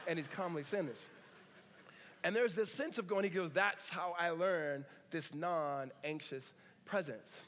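A man's voice: on the high side, measured pace, fairly bright tone, long reverb tail, a little hiss or hum. A man preaching a sermon as a pastor, conversational, with humorous asides.

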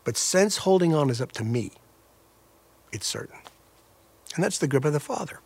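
A man's voice: fairly high pitch, expressive, quick pace, gravelly, a little mellow. A man preaching a sermon as a pastor, earnest, with a repetitive cadence that rises and falls in intensity.

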